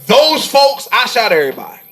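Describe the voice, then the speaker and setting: A man co-hosting a barbershop-style podcast, arguing loudly and emphatically, repeating his points for punch. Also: extremely high pitch, huge pitch swings, a little fast. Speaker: podcast co-host. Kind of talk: heated barbershop debate. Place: cigar lounge.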